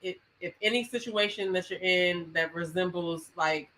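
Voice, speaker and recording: A woman co-hosting a podcast in casual chat, animated and emphatic, laughing often. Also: lowish voice, moderate pace, a little hiss or hum, poor audio. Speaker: podcast co-host.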